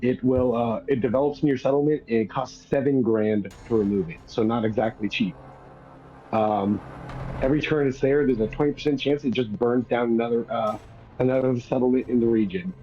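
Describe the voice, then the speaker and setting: Guy rambling on about a game, laughs a lot, kinda mellow dark voice, muffled lo-fi mic w faint music. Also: medium pitch, a little fast. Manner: rambling, laughs at his own points. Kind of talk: casual chat.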